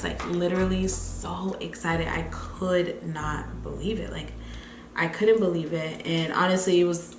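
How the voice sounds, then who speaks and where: A young woman chatting casually while doing her makeup, retelling a story and acting out the people in it with lively repeated phrases. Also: echoey room, slight background noise. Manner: animated, acts out quotes with big pitch jumps, repeats phrases. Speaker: beauty vlogger. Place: home, near a running refrigerator.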